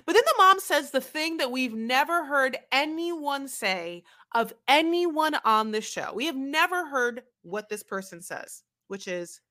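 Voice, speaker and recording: Bright, animated woman recapping TV. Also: high-pitched, unhurried, hardly any pauses. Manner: animated, dramatic retelling with quoted voices. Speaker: podcast co-host. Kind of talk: casual recap chat.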